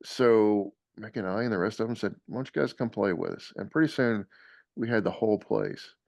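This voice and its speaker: A man telling a lively story in casual podcast chat, laughing often. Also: lowish voice, brisk, vocal fry, dry recording. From American South.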